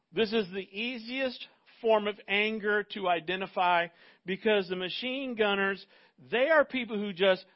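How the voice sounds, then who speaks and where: A man's voice: high voice, highs cut off. A man preaching a sermon as pastor, conversational and emphatic, with rhetorical asides to the congregation.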